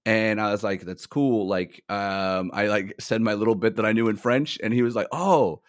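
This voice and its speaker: A man's voice: on the low side, flat delivery, normal speed. A man co-hosting a podcast, chatting casually and telling rambling anecdotes full of "like" fillers. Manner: rambling storyteller, many "like" fillers. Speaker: podcast co-host. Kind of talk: casual chat.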